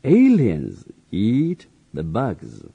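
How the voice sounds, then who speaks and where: A man with a low, gravelly, husky voice reads a children's story aloud in short phrases. He goes very slowly, and his pitch swings widely from line to line. The tone is dark and soft. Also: huge pitch swings, highs cut off. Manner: reads each phrase slowly and evenly for repetition. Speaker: reading teacher. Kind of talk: slow read-aloud for learners to repeat.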